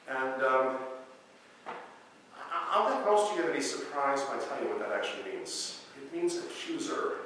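A pastor preaching a sermon, animated and repeating himself, with joking asides to his congregation. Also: on the high side, slight background noise. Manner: animated, self-interrupting with humorous asides. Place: church sanctuary. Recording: echoey hall, mic from far off.

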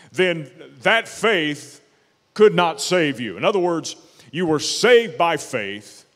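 A man preaching a sermon as pastor, emphatic and slowing down to stress key words. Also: a little high, fairly bright tone, long reverb tail. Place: church sanctuary.

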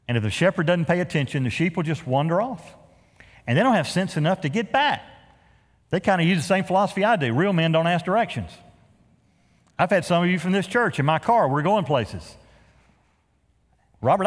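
A middle-aged male pastor preaches with a lively, up-and-down delivery, punching some words loudly and dropping others to a hush. His folksy asides have a joking edge. The sound carries the long echo of a large church sanctuary. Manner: animated preaching, swings from loud emphasis to hushed lows. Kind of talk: sermon. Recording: reverberant church hall.

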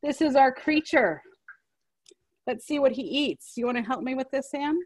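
A woman leading a children's library storytime, cheerful and unhurried as she reads aloud to kids. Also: high voice, animated.

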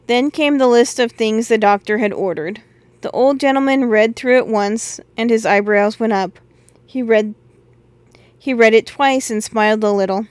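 A woman reading a classic children's novel aloud in steady, measured storybook narration on a close mic. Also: a little high, dry recording. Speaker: audiobook reader.

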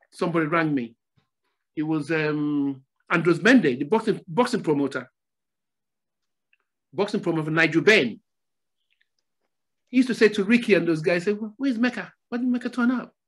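An older man from Nigeria, a former footballer, telling stories as a podcast guest in a relaxed chat, often repeating his phrases. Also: a little high, normal speed, pauses often. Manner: repeats phrases, animated storytelling. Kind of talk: casual storytelling interview.

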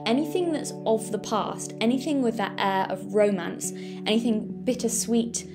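A young woman from the north of England talking casually as a vlogger, chatty and jokingly defensive. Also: medium pitch. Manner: chatty, jokey and mock-defensive. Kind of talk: casual chat.

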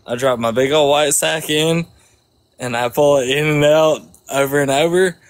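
A man in his thirties from Georgia with a Southern accent, chatting on a speed date in a cocky, teasing, deadpan way. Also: on the high side, moderate pace. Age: 30s. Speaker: prank speed dater. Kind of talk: casual chat.

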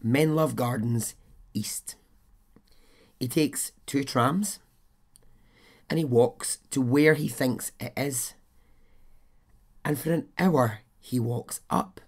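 Slow, husky-voiced man telling a story. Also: medium pitch, darkish tone. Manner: chatty and blunt, swears and adds his own asides. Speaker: podcast host. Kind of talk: casual true-crime storytelling.

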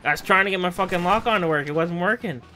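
Man, gaming host, bright edgy tone, slightly high voice, teasing, casual chat. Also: quick pace. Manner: joking, teasing, laughs often. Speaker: streamer and host.

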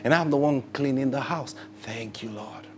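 A man's voice: medium pitch, normal speed, a little mellow. A man preaching a sermon who asks rhetorical questions, repeats his phrases and acts out what people say.

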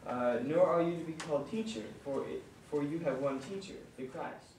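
A man in a classroom audience reads a passage aloud, halting over difficult words. He is heard from far off in a very echoey room, with faint noise behind him. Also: fairly high pitch, darkish tone. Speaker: student volunteer reading aloud. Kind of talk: reading scripture aloud. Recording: distant, echoey room mic.

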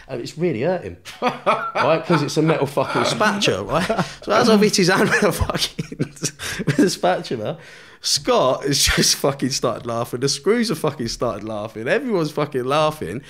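A man's voice: fairly high pitch, very animated, normal speed, vocal fry, fairly bright tone. Sweary man telling a story. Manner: swears constantly, laughs through his story. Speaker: podcast guest. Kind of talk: casual storytelling.

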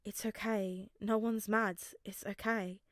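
A woman reading the lines of a quiet teenage boy who speaks softly and hesitantly to calm a friend. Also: mid-range voice, measured pace, dry recording, studio quality, lightly acted. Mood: soothing. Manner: soft, soothing, hesitant.

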